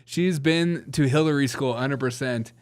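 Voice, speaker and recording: A man's voice: mid-range voice, moderate pace. A man with a Southern US accent hosting a comedy news show, rambling and laughing often at his own jokes. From Southern United States. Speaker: host.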